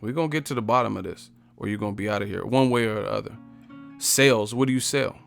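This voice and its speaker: A man's voice: fairly low pitch, quick pace, vocal fry, faint music behind. A man hosting a live stream, confrontational and profane as he roasts the commenters in his chat. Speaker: livestream host.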